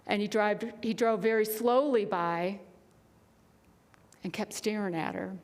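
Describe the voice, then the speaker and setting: A woman minister preaching a sermon, telling a story earnestly, often dropping to a hushed voice. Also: mid-range voice, a little slow. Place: spiritual center sanctuary. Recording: long reverb of a church hall.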